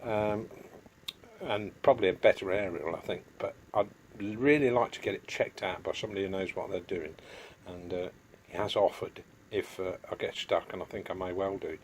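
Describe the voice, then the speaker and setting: A man's voice: sits low, moderate pace, slight background noise. A middle-aged man, chatting casually in a home workshop vlog and going off on homely asides. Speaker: DIY vlogger.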